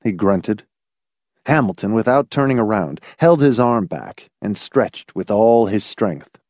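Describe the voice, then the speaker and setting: A man narrating a novel in an expressive storytelling reading. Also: fairly low pitch, unhurried, dry recording, clean studio sound. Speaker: audiobook narrator. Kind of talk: scripted narration.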